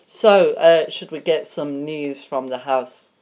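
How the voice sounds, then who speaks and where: A woman's voice: deep voice, takes it slowly, a little mellow. A woman presenting a homemade mock TV show in a casual, hesitant way, full of ums and uhs and tripping over names. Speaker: host of a homemade spoof show.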